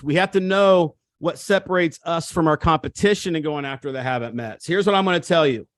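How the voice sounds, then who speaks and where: Guy hyping up agents on a video call, kinda high voice, dry sound. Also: no room sound. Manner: energetic, repetitive, pep-talk delivery. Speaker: real estate coach. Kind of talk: coaching seminar talk.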